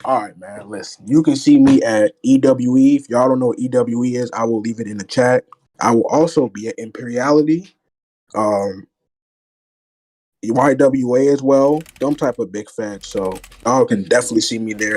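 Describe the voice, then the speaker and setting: A man's voice: mid-range voice, moderate pace, darkish tone. A young man as a podcast guest, laid-back and slangy as he talks. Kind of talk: casual podcast chat.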